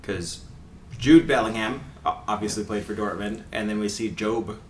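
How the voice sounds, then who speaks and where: A man's voice: on the low side, normal speed, recorded from a distance. A man co-hosting a podcast, chatting casually and playfully, asking questions and cracking jokes. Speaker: podcast co-host. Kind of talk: casual soccer chat. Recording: echoey room, a bit off-mic, faint noise.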